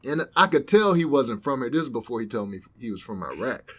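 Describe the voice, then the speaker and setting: A man's voice: medium pitch, a little fast. A young man co-hosting a podcast, telling a story in casual chat and acting out the people he quotes. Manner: animated storyteller, acts out quoted voices. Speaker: podcast co-host.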